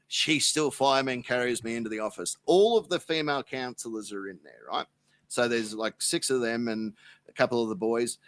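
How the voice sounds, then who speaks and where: A man's voice: mid-range voice, brisk, a bit bright. An Australian man, a podcast guest, telling a rambling, profane anecdote in casual chat. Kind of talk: casual storytelling.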